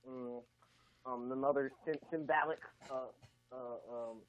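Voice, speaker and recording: A man voicing a bumbling male caller who puts on a Southern drawl, stammering and halting over a phone line. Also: medium pitch, steady tone, fairly bright tone, faint music behind, lightly acted. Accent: put-on Southern. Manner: stammering, halting, lots of fillers. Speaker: prank caller.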